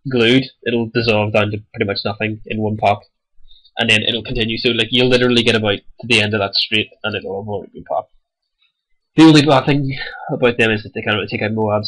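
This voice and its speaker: A young man in his late teens, stuffy-nosed and a little raspy from a cold, giving rambling, hesitant commentary over a game he is playing. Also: lowish voice, a bit bright, poor audio. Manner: rambling and hesitant, many ums. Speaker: gaming channel host. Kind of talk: casual gameplay commentary.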